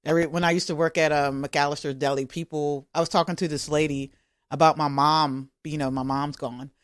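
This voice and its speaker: A woman comedian guest telling stories in a casual podcast chat, animated and laughing often. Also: low-pitched, a little fast, dry recording, studio quality.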